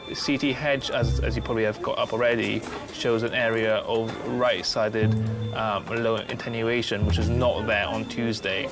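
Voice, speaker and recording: Male doctor explaining a scan to family, steady and careful, a few ums, music loud behind. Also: lowish voice. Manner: measured, hesitant, clinical.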